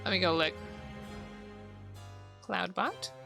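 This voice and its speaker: A woman's voice: lowish voice, big pitch swings, slow, creaky, music in the background. A woman streamer chatting casually while playing a game, giggling and swearing freely. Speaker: VTuber streamer.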